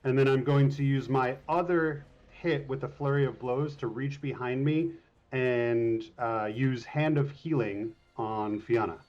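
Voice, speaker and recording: A man's voice: medium pitch, measured pace, a little mellow, highs cut off. A man player describing his character's attacks in a tabletop game, easygoing and self-mocking. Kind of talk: casual game talk.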